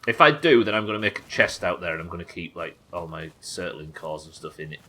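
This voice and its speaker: A man's voice: low voice, animated, quick pace, bright, forceful tone, rough recording. A young man streaming a game live, chatting to viewers and thinking aloud as he plays, swearing freely. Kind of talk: live gameplay commentary.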